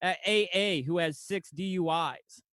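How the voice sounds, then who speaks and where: A man co-hosting a casual podcast, throwing in profane, deadpan ironic jokes. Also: a little high, a little slow, no echo. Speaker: podcast co-host. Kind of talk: casual chat.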